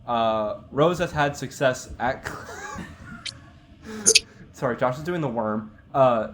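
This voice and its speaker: A man's voice: mid-range voice, takes it slowly, a little hiss or hum. Analytical young man talking golf picks. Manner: analytical, stat-heavy, with fillers. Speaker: podcast co-host. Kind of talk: casual sports picks chat.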